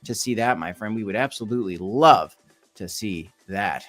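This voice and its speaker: A man's voice: fairly low pitch, moderate pace, fairly bright tone, soft background music. A young man hosting a casual crypto livestream, chatting loosely and reacting to viewer comments as he reads them out.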